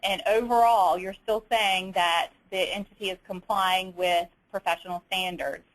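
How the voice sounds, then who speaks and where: A woman with a Southern US accent leads an instructional webinar. She explains each slide step by step in a methodical way, pausing on fillers and restarting her phrases as she works through the material. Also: medium pitch, steady tone, poor audio. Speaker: webinar presenter.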